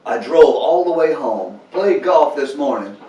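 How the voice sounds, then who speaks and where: A man putting on the voice of a begrudging man fresh off the golf course, exasperated and loud. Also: fairly high pitch, expressive, measured pace, echoey room, distant mic, pitched above the performer's own voice, low-quality recording.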